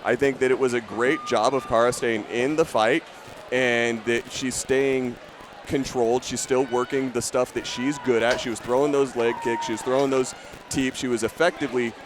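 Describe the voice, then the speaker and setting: A man's voice: mid-range voice, fairly even intonation, moderate pace, noisy background. Chatty male fight commentator. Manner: stammering restarts, upbeat and chatty.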